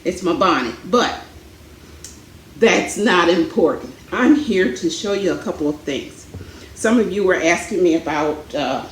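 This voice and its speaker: A woman talks to her viewers from her home, a little out of breath, rambling with plenty of ums and uhs. Her voice sits slightly low. The room is echoey, with a faint hum behind her. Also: lively intonation, unhurried. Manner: chatty, rambling, many fillers. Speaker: vlogger. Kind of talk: casual chat. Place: home, indoors.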